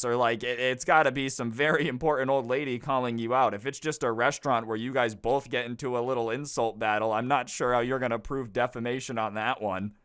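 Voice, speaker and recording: A man's voice: mid-range voice, fairly bright tone, clear, resonant tone. Sarcastic man telling a storytime. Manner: sarcastic, rambling with many "like"s. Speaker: YouTube storyteller. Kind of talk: casual storytime commentary.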